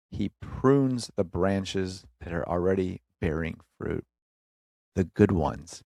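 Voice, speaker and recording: Earnest low-voiced man giving a motivational talk. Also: a little mellow, dry recording, studio quality. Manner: earnest, exhorting, addresses listener as brother; emphatic short phrases with pauses. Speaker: podcast host.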